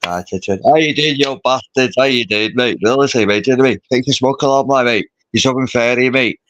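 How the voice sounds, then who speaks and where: A man's voice: mid-range voice, quick pace, a bit bright. A man in a casual voice chat, rambling, slangy and swearing a lot. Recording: dull garbled online call audio.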